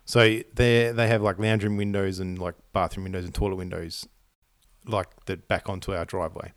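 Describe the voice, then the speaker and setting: A man's voice: low-pitched, little pitch movement, fairly quick, dry recording, clean studio sound. A man chatting casually as a podcast co-host, with lots of ums and restarts. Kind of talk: casual chat.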